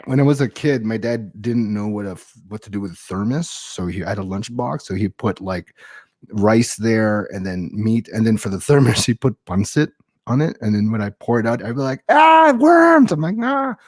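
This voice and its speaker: Low-voiced man doing crude stand-up. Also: normal speed, a little mellow, no echo, studio quality. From Filipino-American. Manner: loose, crude, riffing on audience text comments. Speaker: stand-up comedian. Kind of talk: stand-up set on a virtual comedy show.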